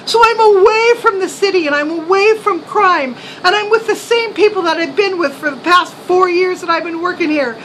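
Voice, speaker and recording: Lady doing her shaken young son, exclaiming breathlessly, super high voice with a faint hum behind. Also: moderate pace, few pauses, fairly bright tone, low-quality recording. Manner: breathless, exclaiming, laughing through the retelling. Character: shaken young adult son, rattled and excitable.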